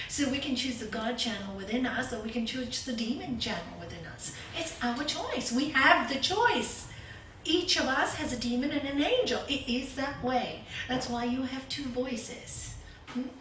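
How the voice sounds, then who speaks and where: A woman's voice: high voice, fairly bright tone, slight background noise. An older woman giving a spiritual talk as a yoga teacher to a group, telling stories, asking rhetorical questions and repeating words for emphasis. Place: hall with a group. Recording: roomy echo, from a distance, faint ambience.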